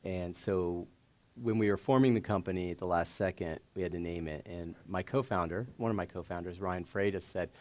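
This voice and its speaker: A man's voice: sits low, brisk, darkish tone. A man being interviewed on stage, telling loose, laughing anecdotes full of fillers. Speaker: guest investor. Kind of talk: casual storytelling interview.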